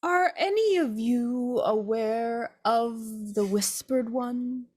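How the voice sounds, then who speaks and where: Very slow, measured woman player. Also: a little high, darkish tone, husky. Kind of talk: playing a tabletop game in character.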